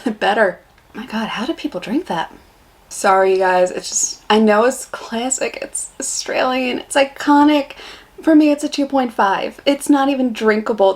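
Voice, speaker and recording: A woman's voice: medium pitch, darkish tone. A young American woman vlogging a casual beer taste test, chatty and blunt in her reactions. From United States.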